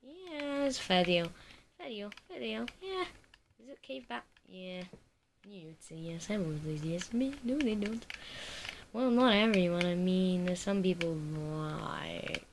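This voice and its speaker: A person giving rambling, giggly let's play commentary while playing at a home computer. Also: female voice, mid-range voice, animated, measured pace. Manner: rambling, giggly, silly chatter. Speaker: gaming video creator. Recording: noisy recording with keyboard clicks.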